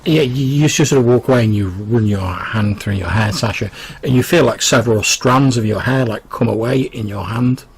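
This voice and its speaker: A man's voice: mid-range voice, moderate pace, few pauses, low-quality recording. A man narrating as game master, rambling with many restarts and fillers.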